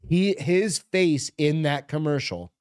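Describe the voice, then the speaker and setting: A man's voice: fairly high pitch, animated, takes it slowly, darkish tone, clear, resonant tone, no room sound, clean studio sound. A man from New Hampshire co-hosting a podcast in casual chat, talking bluntly and swearing a lot. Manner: blunt, heavily profane. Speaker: podcast co-host.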